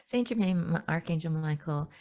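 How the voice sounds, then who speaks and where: A woman teaching as a spiritual guide in a chatty, gentle way, laughing often and restarting her sentences. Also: low-pitched, animated, normal speed. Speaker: spiritual teacher hosting a webinar. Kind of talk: casual spoken teaching.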